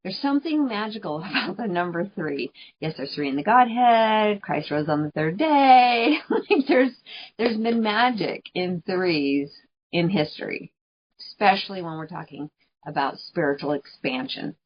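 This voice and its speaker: Woman podcast host, kinda low voice, chatty + earnest, laughs a lot, muffled lo-fi audio. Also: lively intonation, measured pace. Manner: chatty and earnest, laughs often, repeats phrases for emphasis. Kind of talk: spiritual coaching monologue. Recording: dull lo-fi recording.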